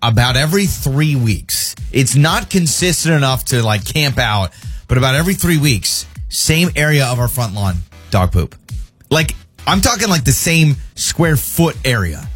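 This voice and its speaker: A man's voice: medium pitch, expressive, moderate pace, husky, soft background music. A man in his thirties co-hosting a radio show, bantering casually, telling stories and joking with playful asides. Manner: jokey, storytelling, playful sing-song asides.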